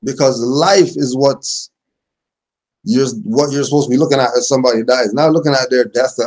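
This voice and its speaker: A man's voice: medium pitch, moderate pace, a little mellow. A man giving a casual religious teaching, reading passages aloud and then explaining them in everyday speech. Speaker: spiritual teacher.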